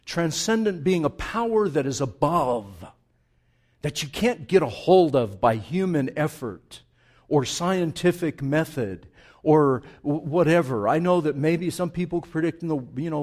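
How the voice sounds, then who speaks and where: This male preacher has a slightly raised voice. He shifts from near-hushed musing to loud, repeated declarations. His delivery is a steady sermon rather than casual talk. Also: on the high side, unhurried. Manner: dynamic, swinging from hushed asides to loud emphatic build-ups; repeats words for emphasis.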